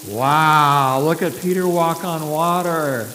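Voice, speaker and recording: Slow animated storyteller in a church. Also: mid-range voice. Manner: animated storyteller, coaxing children to join in. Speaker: children's message leader. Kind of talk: children's sermon storytelling. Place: church sanctuary. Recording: echoey hall with loud background hiss.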